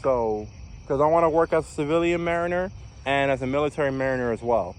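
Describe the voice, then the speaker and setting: A man's voice: medium pitch, fast, slight background noise. A young man from New York, a former navy recruit, telling his story in a casual vlog with lots of fillers and restarts. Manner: rambling, many fillers and restarts.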